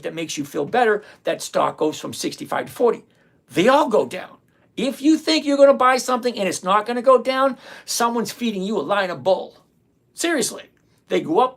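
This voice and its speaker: Speaking at a medium pitch, an older, retired investing host chats casually on a live stream. Viewer comments get read aloud and answered with bluntness and sarcasm, and phrases are often repeated to stress a point.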